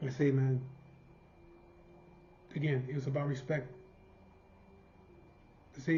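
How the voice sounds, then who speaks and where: A man's voice: mid-range voice, little pitch movement, a little fast, long pauses, dark tone. A man telling a personal story in a blunt, profane, casual way, acting out what each person said. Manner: blunt, profane, voices the people he quotes. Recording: dull, slightly noisy recording.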